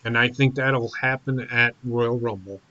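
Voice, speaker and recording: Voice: mid-range voice, steady tone, normal speed, bright, forceful tone. A co-host rants bluntly about wrestling, swearing freely in loose, casual talk. The recording sounds a little dull and lo-fi. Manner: profane, blunt opinions. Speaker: podcast co-host.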